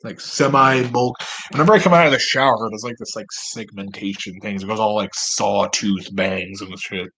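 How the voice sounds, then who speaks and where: A man's voice: on the low side, normal speed, fairly bright tone, husky. A man at home, talking straight to camera in a rambling, profane, self-mocking monologue. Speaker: vlogger.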